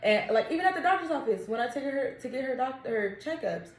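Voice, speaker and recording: Candid young mom, echoey room. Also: female voice, sits high, lively intonation, fast talker, slight background noise. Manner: candid, laughs easily. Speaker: podcast co-host. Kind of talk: casual chat.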